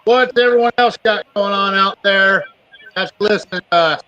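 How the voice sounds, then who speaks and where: A high, bright-voiced man laughs and swears his way through rowdy podcast banter. His voice comes through a dull, lo-fi feed. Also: normal speed, dry recording. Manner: crude, laughing, teasing. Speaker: podcast host. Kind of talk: casual banter.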